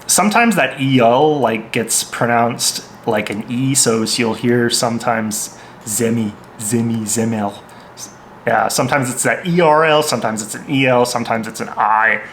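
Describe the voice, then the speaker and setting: A man's voice: medium pitch, moderate pace, hardly any pauses, fairly bright tone, a little hiss or hum. A man giving a casual vocabulary lesson, hesitant, with lots of ums and restarts. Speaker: language teacher.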